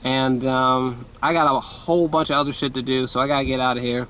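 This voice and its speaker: A man's voice: medium pitch, fairly even intonation, fairly quick, fairly bright tone, slight background noise. A man giving a casual, rambling film review from a hot room indoors, full of fillers and swearing. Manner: rambling, frequent fillers and profanity. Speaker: movie reviewer.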